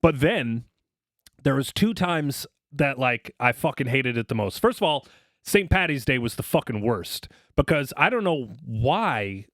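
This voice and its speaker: A man's voice: mid-range voice, big pitch swings, a little slow, fairly bright tone, no echo, studio quality. A man co-hosting a podcast, ranting crudely with exaggerated mock anger. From Boston area, US. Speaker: podcast co-host. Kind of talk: profane comedic rant.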